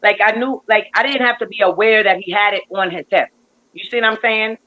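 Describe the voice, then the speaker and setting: A woman guest telling a long story in casual chat, animated and rambling, with lots of fillers and restarts. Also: mid-range voice, fairly quick, muffled recording.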